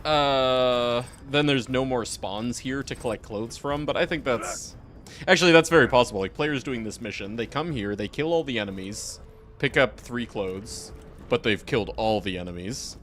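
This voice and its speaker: A man chatting casually while playtesting his game mod, excitable and full of fillers like "like". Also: mid-range voice, moderate pace, a little hiss or hum. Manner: excitable, chatty, heavy use of "like". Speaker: game modder streaming his work.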